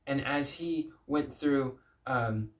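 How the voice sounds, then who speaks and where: A man's voice: mid-range voice, takes it slowly. A man giving an earnest, pleading inspirational Christian message, telling stories with emphatic repeats. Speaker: Christian speaker. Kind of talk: inspirational preaching to camera.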